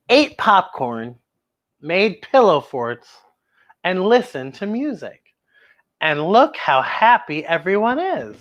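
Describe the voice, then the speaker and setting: A woman hosting a children's story time, reading a picture book aloud in an animated, expressive way and exclaiming over the pictures. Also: lowish voice, takes it slowly, lo-fi sound.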